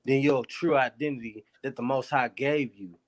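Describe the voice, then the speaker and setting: A man's voice: mid-range voice, normal speed. A man speaking up in a class discussion, casual and slangy, stammering as he restarts his sentences.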